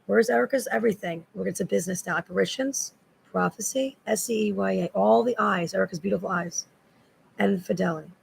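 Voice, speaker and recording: Gravelly, agitated woman rambling. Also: medium pitch, brisk, a little hiss or hum, rough recording. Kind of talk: rambling spoken monologue.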